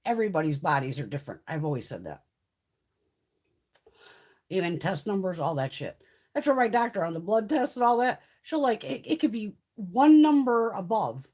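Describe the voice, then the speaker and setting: A woman's voice: lowish voice, sing-song, brisk, pauses often, darkish tone. A middle-aged woman from the US East Coast chatting casually on a livestream, telling stories in a blunt way and swearing constantly. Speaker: beauty livestream host.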